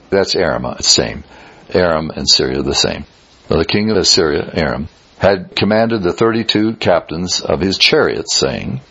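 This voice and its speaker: A man preaching an expository sermon, reading scripture aloud and commenting bluntly with animated delivery. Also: sits low, husky, highs cut off.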